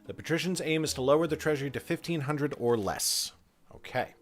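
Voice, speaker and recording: A man streaming a strategy game live, reading out the game's text and chatting casually with his viewers in a relaxed way. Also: on the high side, brisk, faint music behind. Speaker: streamer running a game for chat.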